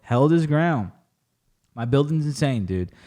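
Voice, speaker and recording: A man with a mid-range voice hosts a casual podcast chat. He tells stories in an animated way, swearing freely as he goes. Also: mid-range voice, unhurried. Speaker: podcast host.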